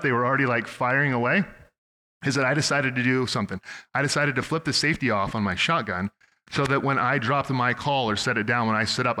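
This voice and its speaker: A young man from Oregon, USA, preaches a sermon in a church sanctuary, his mid-range voice carrying a sharp tone. He tells stories conversationally and often restarts his sentences. A long hall reverb colors the recording.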